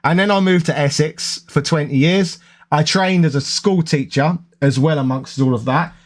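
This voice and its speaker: A man's voice: on the high side, moderate pace. A man with a London accent, chatting casually and rambling to his viewers. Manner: rambling, conversational, self-correcting. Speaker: gaming YouTuber.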